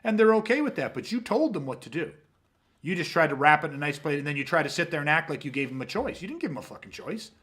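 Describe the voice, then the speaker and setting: A man's voice: fairly high pitch, very animated, fast talker, fairly bright tone. A man hosting a podcast, talking in a blunt, emphatic, profane way. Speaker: podcast host. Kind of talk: casual podcast talk.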